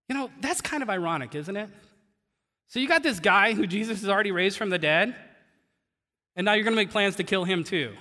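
A pastor preaching a sermon in a conversational, animated way, laughing now and then as he teaches. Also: high-pitched, big-room sound.

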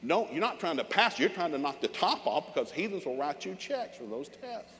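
Older preacher with a long hall echo. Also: male voice, fairly high pitch, big pitch swings, brisk, fairly bright tone, slight background noise. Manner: humorous, emphatic storytelling. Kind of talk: sermon.

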